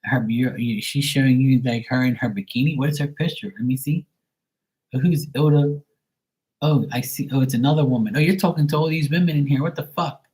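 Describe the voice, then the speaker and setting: A man's voice: medium pitch, a little fast, darkish tone, voice pushed up, natural voice, low-quality recording. A man voicing a jealous, nagging young girlfriend who accuses and exclaims. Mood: accusing.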